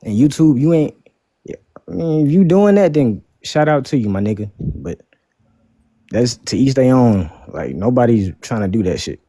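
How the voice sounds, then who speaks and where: A man's voice: medium pitch, lively intonation, moderate pace, warm tone, dry recording, studio quality. A young man arguing defiantly and with heavy profanity in a heated debate. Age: young adult. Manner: profane, defiant, talks over others.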